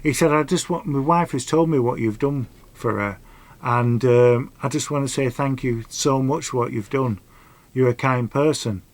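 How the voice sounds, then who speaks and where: A man's voice: medium pitch, normal speed. A middle-aged man, telling a rambling personal story and giving earnest advice in a casual vlog. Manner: rambling, earnest, dialect grammar. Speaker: vlogger.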